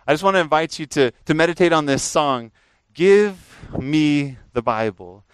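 A man preaching a sermon earnestly, rising to emphatic peaks and dropping to a quiet, prayerful tone. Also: on the high side, normal speed, smooth, dry recording, rough recording.

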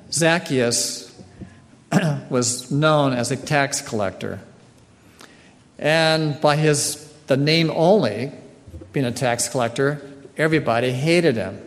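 Guy preaching real slow, keeps clearing his throat, big reverby hall. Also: mid-range voice. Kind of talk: sermon.

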